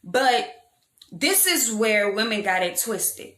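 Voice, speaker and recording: A young woman telling a storytime vlog in a frank, animated, slangy way, poking fun at herself. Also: a little high, takes it slowly. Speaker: vlogger. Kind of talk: casual storytime monologue. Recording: echoey room.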